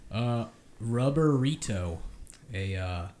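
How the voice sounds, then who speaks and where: A man co-hosting a casual podcast, pitching jokey ideas in a laid-back, trailing way. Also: animated, slow, warm tone, echoey room. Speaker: podcast co-host. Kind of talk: casual chat.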